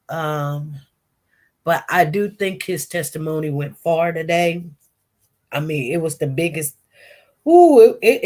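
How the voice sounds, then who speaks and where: Woman with a cold streaming live, slow unhurried talk, lowish voice, chatty with her viewers. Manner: chatty, talks straight to viewers and greets the chat. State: has a cold, coughing. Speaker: livestream host. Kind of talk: casual commentary livestream.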